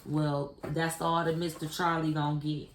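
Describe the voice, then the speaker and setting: A woman with a deep, low voice gives a casual tarot reading and talks bluntly and profanely straight to whoever is listening. She sounds like she is in a bare, echoey room, and a faint hiss sits under her voice. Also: little pitch movement, moderate pace. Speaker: tarot card reader. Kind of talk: casual spiritual card reading.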